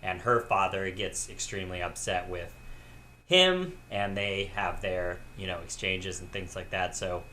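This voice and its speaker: Male podcast co-host, low and bright, reflective, faint hiss behind. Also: measured pace. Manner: thoughtful, musing on questions. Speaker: podcast co-host, film critic. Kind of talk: casual film review chat.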